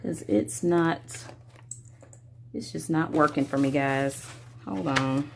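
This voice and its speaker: Slow, low-voiced woman chatting through a craft tutorial. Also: fairly even intonation, creaky, background noise. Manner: chatty, talks to viewers while working, drawn-out words. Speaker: coloring tutorial host.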